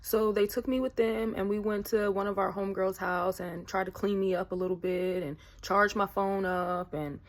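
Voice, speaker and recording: Woman vlogger, mid-pitched, casual storyteller who rambles with fillers. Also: fairly even intonation, normal speed, few pauses. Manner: chatty, rambling, many fillers.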